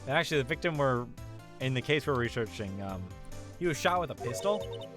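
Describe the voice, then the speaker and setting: A man's voice: mid-range voice, animated, fairly quick, fairly bright tone, faint music behind, lightly acted. A man voicing an earnest young male defense lawyer, dry and patient, reading game dialogue aloud. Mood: probing.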